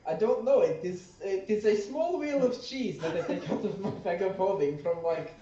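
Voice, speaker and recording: A man's voice: high voice, moderate pace, warm tone, slight background noise. A man playing a tabletop game, playful and laughing as he goes. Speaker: player. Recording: roomy, distant, dull recording.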